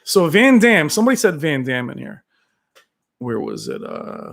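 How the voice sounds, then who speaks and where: A man hosting a casual live stream from home, reading viewer comments aloud and talking in a rambling, excitable way. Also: on the high side, unhurried, creaky. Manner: rambling, excitable, with frequent fillers. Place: at home with his cat.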